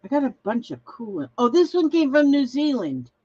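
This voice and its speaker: A woman's voice: sits high, sing-song, moderate pace, mellow, slightly rough, dull audio. A woman hosting a casual craft livestream, chatting in a rambling way and reading viewer comments aloud. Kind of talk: casual live-stream chat.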